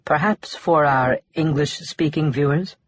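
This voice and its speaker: A man's voice: a little high, unhurried, fairly bright tone, slightly rough, no room sound, pitched above the performer's own voice. A man voicing a polite female Quebec news reporter, in a formal news-report delivery.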